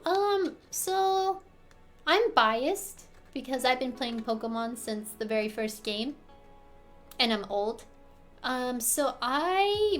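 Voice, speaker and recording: A bubbly American woman with a high voice chats casually on a live stream, giggling as she answers viewers' questions. Soft music plays faintly behind her. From United States. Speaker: livestream host answering chat. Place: apartment in Korea.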